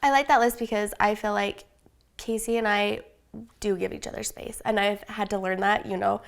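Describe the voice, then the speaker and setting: A soft-spoken woman co-hosting a casual chat among moms. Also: medium pitch, steady tone, normal speed, gravelly. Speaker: co-host.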